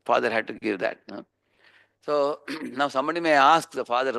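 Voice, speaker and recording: A preacher with an Indian accent gives a scripture class, his mid-pitched voice gravelly, fry-tinged and fairly bright. He teaches through homely stories, often checks in with a quick questioning "huh?", and takes on the voices of the people he describes.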